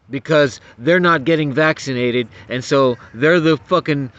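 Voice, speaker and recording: A man's voice: mid-range voice, normal speed, few pauses, fairly bright tone. A man giving an angry, profane political rant to camera, getting worked up and stumbling over repeated words. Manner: profane, agitated, stumbling restarts. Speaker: vlogger. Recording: dull lo-fi audio.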